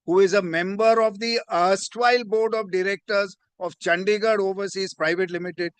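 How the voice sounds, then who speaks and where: A male lawyer makes his formal submission in a courtroom, courteous and insistent. His voice sits high and sounds smooth and resonant, recorded dry with little room sound. He punctuates almost every phrase with a respectful "my lord". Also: steady tone, normal speed, dry recording. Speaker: advocate.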